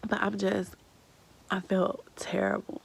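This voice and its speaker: Woman in her 30s, vlog storytelling, very creaky gravelly voice, tearful, rambling, lots of fillers. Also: mid-range voice, little pitch movement, takes it slowly, low-quality recording. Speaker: vlogger.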